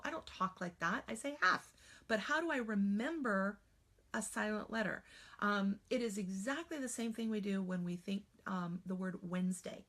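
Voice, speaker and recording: A woman's voice: mid-range voice, normal speed, a bit bright. A woman working as a spelling trainer, giving a patient, explanatory teaching demonstration.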